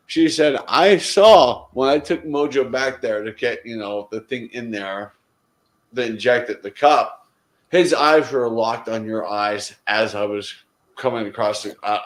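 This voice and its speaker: A man's voice: medium pitch, measured pace, reverberant, poor audio. A man in casual group conversation, telling a heartfelt story in a rambling way, often restarting his sentences. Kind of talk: casual chat.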